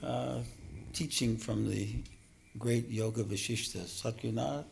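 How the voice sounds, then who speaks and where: A man giving a spiritual teaching talk as a meditation teacher, gentle and self-deprecating, often chuckling. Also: mid-range voice, unhurried, vocal fry, crowd noise.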